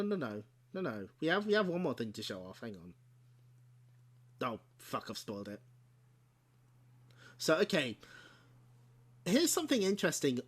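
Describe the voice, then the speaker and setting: Pitched high and a bit bright, a man hosts a game stream and shows off his old game discs. His talk is chatty and giggly, with frequent laughter and self-corrections.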